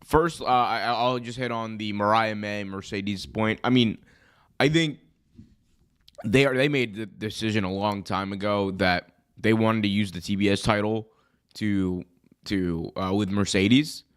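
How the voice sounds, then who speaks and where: A young man who is hoarse from being sick, hosting a live wrestling commentary stream in a chatty, rambling way that often corrects itself. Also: fairly low pitch, steady tone, a little slow, fairly bright tone. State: hoarse, recovering from illness. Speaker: wrestling show host.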